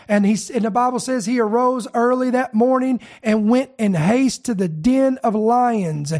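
A middle-aged man preaching a sermon, his voice sitting notably high for a man. He tells a personal testimony in a fervent storytelling flow and climbs into emphatic, declaring lines. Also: darkish tone.

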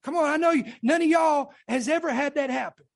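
A woman preacher with a high voice delivers a fervent sermon testimony. She speaks with emphasis and calls out to her congregation as she tells it. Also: fairly quick, creaky.

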